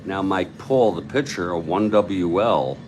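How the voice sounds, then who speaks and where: Low-voiced, unhurried man calling a game. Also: slight background noise. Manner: calm, measured calls with chatty asides to live viewers. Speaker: host of a tabletop baseball replay channel. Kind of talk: play-by-play commentary of a board game replay.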